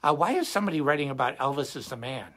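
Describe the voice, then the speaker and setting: A middle-aged man hosting a guitar live stream, chatting casually and rambling in an animated way, often restarting his sentences. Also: mid-range voice, very fast. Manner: rambling, animated, self-interrupting. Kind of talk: casual livestream chat.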